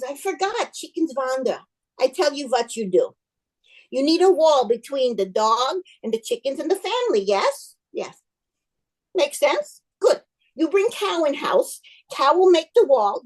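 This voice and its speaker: A woman voicing an old, wise male village rabbi who speaks in broken English with unhurried confidence. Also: high voice, voice pushed up. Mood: advising.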